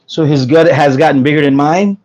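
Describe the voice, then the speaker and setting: Losing his voice, a man from New York keeps joking and laughing with viewers on his casual food truck business livestream, reading their comments. He talks fairly quickly in a somewhat high, slightly mellow voice, and the phone audio is poor.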